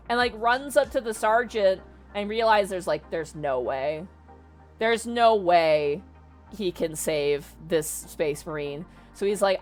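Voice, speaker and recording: A woman casually retelling a story, animated and swearing, with lots of "like" fillers. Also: medium pitch, measured pace, soft background music. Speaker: streamer.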